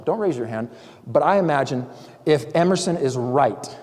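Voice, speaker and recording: A man's voice: medium pitch, lively intonation, moderate pace, a little mellow. A man preaching a sermon as pastor, in a conversational way, acting out quotes. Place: church sanctuary. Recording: long church hall reverb.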